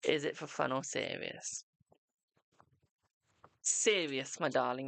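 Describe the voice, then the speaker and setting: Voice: mid-range voice, takes it slowly, gravelly, pauses often, fairly bright tone, no echo. A host giving live-streamed tarot readings in a chatty, reassuring way, calling viewers darling.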